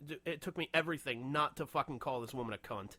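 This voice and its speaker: A young man co-hosting a casual podcast, telling a heated story full of swearing and quick laughs. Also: medium pitch. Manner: profane, animated storytelling, frequent laughter. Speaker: podcast co-host.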